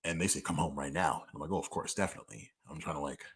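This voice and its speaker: Racing along in a breathy bass voice, a young man runs through a list of personal questions from listeners. The monologue is casual, candid, and profane, loose and conversational and full of "like."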